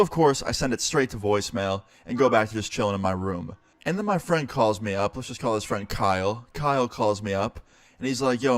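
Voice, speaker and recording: Young man, streamer, casual storytime, low voice, dry close sound, swears. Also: no echo. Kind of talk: storytime narration.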